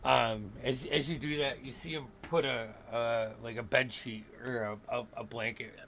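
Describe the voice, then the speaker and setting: A man narrating a tabletop game as dungeon master, unhurried and halting, with many restarts. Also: medium pitch, steady tone, a bit bright, a little hiss or hum.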